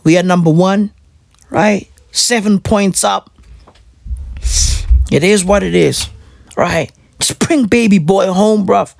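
Woman, football fan rant, unhurried delivery, dry close sound, slangy and repetitive. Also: mid-range voice, vocal fry, darkish tone, no echo. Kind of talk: casual rant to camera.

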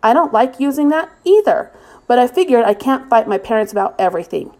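A woman's voice: a little high, expressive, brisk, darkish tone, natural voice. A woman voicing a fierce, passionate teenage girl who speaks intensely and indignantly.

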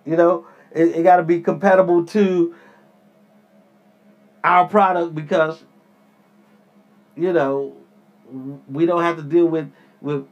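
Rambling man podcasting, slow and muffled. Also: on the high side, fairly even intonation. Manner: rambling, repeats himself, addresses listeners as people. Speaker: podcast host. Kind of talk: casual solo podcast rant. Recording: dull lo-fi sound.

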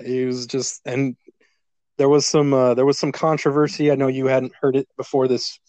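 A man co-hosting a podcast, chatting casually about a movie, relaxed, laughing often and swearing now and then. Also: medium pitch, dry recording. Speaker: podcast co-host. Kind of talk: casual movie review chat.

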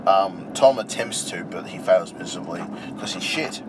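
A man's voice: low-pitched, normal speed. A man with an Australian accent, co-hosting a podcast with crude, teasing banter. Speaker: podcast co-host. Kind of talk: casual chat. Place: in a moving car. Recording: clear road noise.

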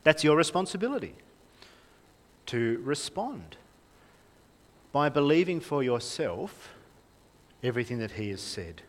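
A man's voice: a little high, very animated, unhurried, pauses often. A young man preaching a sermon in a conversational way, often asking the congregation questions. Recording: reverberant hall.

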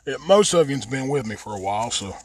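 Here's a man with a mid-range voice, talking fast and expressively. He's a West Virginia podcast host with a Southern Appalachian accent who rambles, cusses freely, and drags out his vowels into a close mic in a casual profane monologue.

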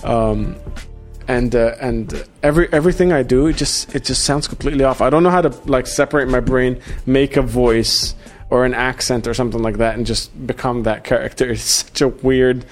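A man from Australia hosting a podcast in relaxed, chatty talk with frequent restarts. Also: medium pitch, brisk, few pauses. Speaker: podcast host. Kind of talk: casual podcast chat. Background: faint music.

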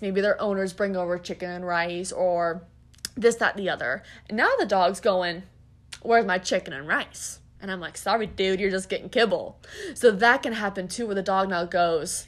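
A woman dog trainer talks straight to her listeners, blunt and emphatic, with the odd casual swear and a quick laugh. Her voice sits fairly high and swings widely in pitch as she drives each point home. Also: a bit bright. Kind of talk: blunt advice podcast.

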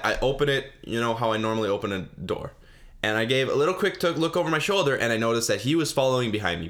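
A man's voice: fairly low pitch, fairly bright tone. A young man hosting a solo podcast, telling a funny story in a rambling, self-mocking way with lots of fillers and restarts. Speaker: podcast host.

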